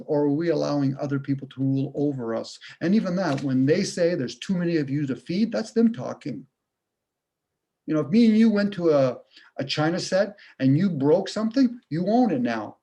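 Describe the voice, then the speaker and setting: A man's voice: a little high, expressive, moderate pace, warm tone. A man ranting casually on a video call, blunt and profane, firing off rhetorical questions. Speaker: video call participant sharing views.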